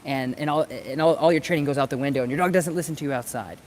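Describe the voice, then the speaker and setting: This dog trainer's voice sits on the high side and moves quickly, with a bit of background noise. He talks casually to the camera outdoors beside planters, teaching informally and repeating words while he thinks.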